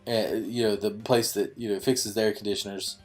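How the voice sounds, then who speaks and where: With soft background music underneath, a gaming YouTuber spins a rambling, self-deprecating yarn over gameplay, chatty and heavy on "you know." His lowish voice holds a steady tone and moves a little fast.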